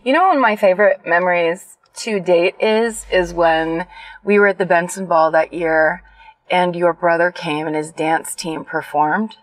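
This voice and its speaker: A woman's voice: on the low side, steady tone, moderate pace, no room sound, low-quality recording. A woman co-hosting a casual chat, talking in an emphatic, enthusiastic way. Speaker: co-host.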